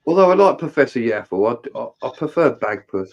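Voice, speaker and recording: A man's voice: mid-range voice, very animated, brisk, a little mellow, lo-fi sound. A man in casual chat, telling rowdy stories with plenty of swearing and laughter.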